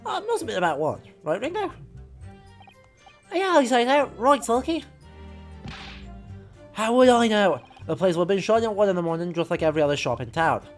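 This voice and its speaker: A woman's voice: medium pitch, very animated, brisk, pauses often, faint music behind, close to an everyday voice. A woman voicing a petty male Victorian thief with a put-on Cockney accent, protesting his innocence in street slang. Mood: bickering.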